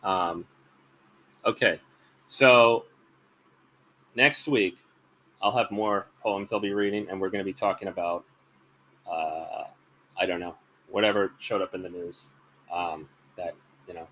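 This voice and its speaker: A man's voice: low-pitched, fairly even intonation, a little slow, long pauses, a bit bright, a little hiss or hum, low-quality recording. A man hosting a podcast, talking in a rambling, hesitant casual monologue. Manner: rambling, hesitant, many fillers and restarts. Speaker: podcast host.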